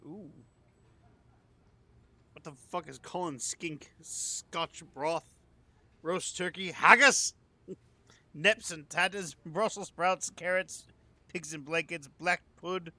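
Sweary laughing streamer. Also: male voice, on the high side, takes it slowly, long pauses, sharp tone, no echo. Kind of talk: casual let's play commentary.

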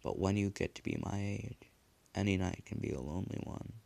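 A man's voice: sits low, a little fast, gravelly, warm tone. A man playing a frail, stammering old killer. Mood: pleading. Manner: pleading, stammering. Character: frail, blind old male killer, guilt-stricken.

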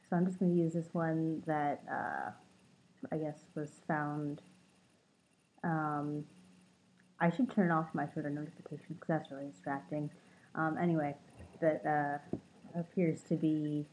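Low-voiced young woman, slightly sick. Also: fairly even intonation, a little slow, long pauses, darkish tone, poor audio. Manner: rambling, with many ums and uhs. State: a little sick. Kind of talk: casual vlog chat.

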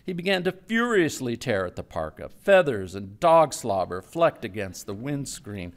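A man giving a live literary reading of a story, in a measured storytelling manner that drops low and quiet for tense moments. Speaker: writer reading his own story. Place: stage before a live audience.

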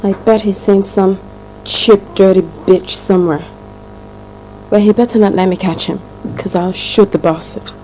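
A woman's voice: mid-range voice, steady tone, moderate pace, warm tone, a little hiss or hum, close to an everyday voice, poor audio. An actress playing a young rich woman, indignantly complaining about her neglectful fiancé. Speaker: daughter, fiancée. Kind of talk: film drama dialogue.

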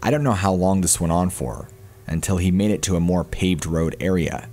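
Deep-voiced man narrating a horror story. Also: moderate pace, mellow, slight background noise.

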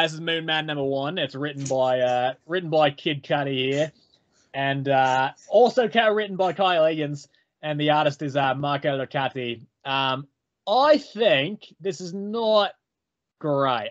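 A man's voice: a little high, unhurried, a bit bright. A man putting on a wavering mock Australian accent while co-hosting a casual comic review chat, laughing at himself and swearing, on a muffled, crackly mic. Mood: joking. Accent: put-on Australian, slipping in and out. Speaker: podcast co-host.

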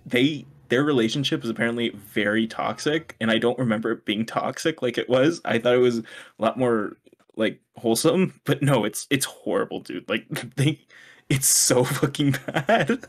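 A young man rambles through a casual podcast chat while he plays a game. He laughs a lot and stops mid-thought to shout at what is on his screen. His voice sits at an ordinary middle pitch. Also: normal speed. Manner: rambling, laughs often, breaks off to yell at the game. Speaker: podcast co-host.

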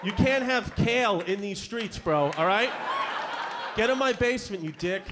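Brash, profane New stand-up in his thirties, fairly high voice, live club recording with clear audience noise. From Brooklyn, New York. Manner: brash, profane, rapid-fire with crowd work. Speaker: stand-up comedian. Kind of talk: stand-up comedy set. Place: comedy club stage before a live audience. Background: audience laughter.

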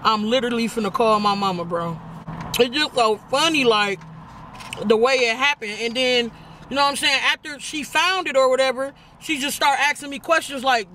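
A woman's voice: high-pitched, normal speed, bright, forceful tone, a little hiss or hum. A young woman vlogger chatting casually and laughing as she tells a personal story to her viewers while eating. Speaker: vlogger host.

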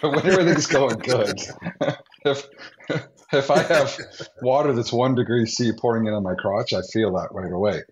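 A man chatting casually as a guest on a diving round table, joking and quick to laugh. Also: medium pitch. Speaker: guest diver. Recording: dull lo-fi audio.

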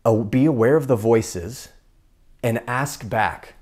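A man's voice: mid-range voice, takes it slowly, darkish tone. A young man giving an earnest faith talk, coaching viewers through an exercise and acting out inner voices. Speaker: Catholic speaker.

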